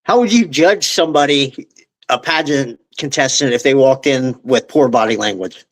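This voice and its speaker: A man's voice: medium pitch, normal speed. A man hosts an interview and puts his questions plainly. He is friendly, keeps his replies brief and laughs along with his guest. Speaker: podcast host, interviewer.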